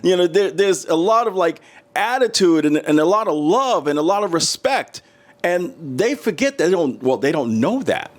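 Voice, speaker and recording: This middle-aged American guest has a high voice and a moderate pace. In a casual interview he tells animated stories with many restarts, performing the voices of the people in them.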